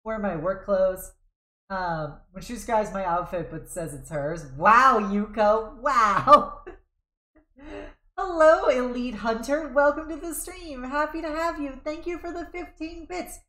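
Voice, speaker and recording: A woman live-streaming a game, chatting with viewers and reacting loudly, with frequent giggles and swearing when under fire. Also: sits high, lively intonation, a little slow. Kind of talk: live gameplay commentary. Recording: roomy echo.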